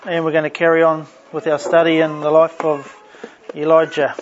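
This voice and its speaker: A man leading a Bible study, reading scripture and explaining it in an unhurried way with frequent restarts. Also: on the high side, monotone, slight background noise. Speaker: pastor. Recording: dull lo-fi sound.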